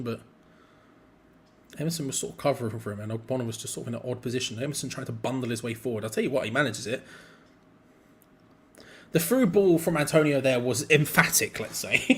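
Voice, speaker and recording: Speaking at a medium pitch, a young fan channel co-host leads a live football watch-along. Rapid play-by-play gives way to meandering chat, punctuated by abrupt bursts of excitement.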